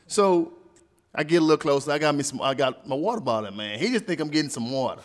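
A man's voice: fairly high pitch, very animated, fast talker, a little hiss or hum. A man in his forties, a guest on a podcast, telling a story casually and acting out what he said back then. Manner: laughing, plays out his own quoted lines. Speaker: guest, former pro football player.

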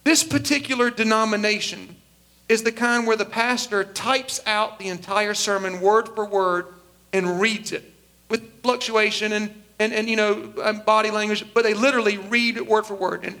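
High, bright-voiced pastor. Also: male voice, vocal fry. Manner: animated storyteller acting out quoted voices. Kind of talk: sermon storytelling.

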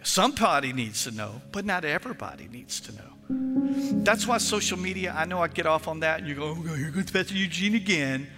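A male pastor preaching a sermon in an animated storytelling manner, acting out phone calls with friends. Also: fairly high pitch, fairly quick, in a large hall, over music.

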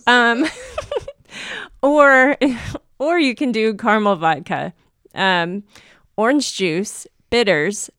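A woman co-hosting a podcast, chatting casually, bubbly and giggly with quick reactions. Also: a little high, fairly bright tone, smooth, no echo, studio quality. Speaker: podcast co-host. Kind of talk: casual chat.

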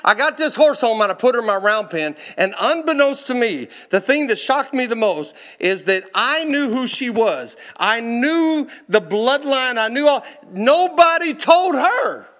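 A man preaching from the pulpit with a high voice and a bright, forceful edge. He tells his story in an animated way, laughing and calling out to the listeners as he goes. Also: moderate pace, hardly any pauses. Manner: animated, laughing, calls out to the congregation. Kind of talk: storytelling sermon.

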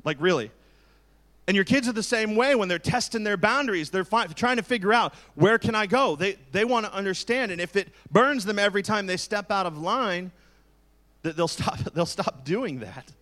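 Man, pastor, forties, higher-pitched, conversational sermon, joking and candid. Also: animated, moderate pace, fairly bright tone.

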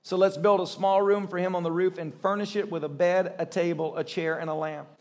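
High-voiced excitable male pastor. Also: fairly quick. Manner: excitable, bursts into high shouts when storytelling. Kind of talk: sermon. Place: church service.

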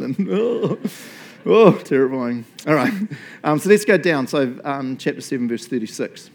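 A middle-aged man with a New Zealand accent, preaching a sermon in a chatty, animated way and laughing often between points. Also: medium pitch, a little fast. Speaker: pastor.

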